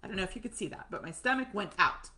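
A woman teaching an online course to camera, excited and talking fast, with animated asides as she demonstrates breathing. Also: medium pitch. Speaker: course instructor.

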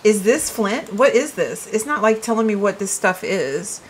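A woman's voice: medium pitch, lively intonation, normal speed, a little hiss or hum, low-quality recording. A woman giving casual let's-play commentary, chatty and puzzled, thinking aloud to her viewers. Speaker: gaming video creator.

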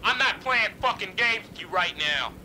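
A furious man hurls threats and curses down a phone line. His voice sits very high and sounds piercingly bright, with a faint hiss of noise behind it. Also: expressive, normal speed. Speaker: angry caller. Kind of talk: prank phone call.

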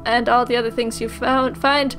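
A woman's voice: on the high side, little pitch movement, moderate pace, over music, natural voice. A woman reading a loving aunt's letter aloud in a tender tone. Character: loving aunt writing a letter.

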